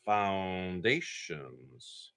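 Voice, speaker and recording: Upbeat bright-voiced male stream host. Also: deep voice, big pitch swings, drawn-out words, creaky, clear, resonant tone. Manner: upbeat, thanks viewers by name. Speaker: livestream host opening card packs. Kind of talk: live stream chat.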